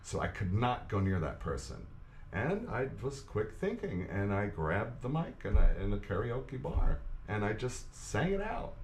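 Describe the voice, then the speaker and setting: Lively New man in a roomy room. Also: lowish voice, unhurried, slight background noise. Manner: lively, laughing, talks over the host. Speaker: guest actor and singer. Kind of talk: casual chat. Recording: roomy live web show audio.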